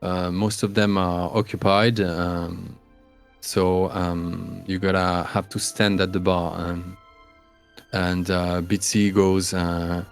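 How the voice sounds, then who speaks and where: A male game master describing a tabletop game scene, unhurried and halting, often searching for the right word. His voice sits low, with faint music playing in the background. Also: level tone, vocal fry. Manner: halting, full of fillers and restarts, searching for words.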